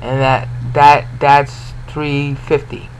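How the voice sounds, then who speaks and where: A man giving an informal Bible lesson, explaining and pausing to ask the listener questions. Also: medium pitch, level tone, gravelly, slight background noise, poor audio. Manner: explanatory, repeats and restarts words, asks listener questions. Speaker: Bible teacher.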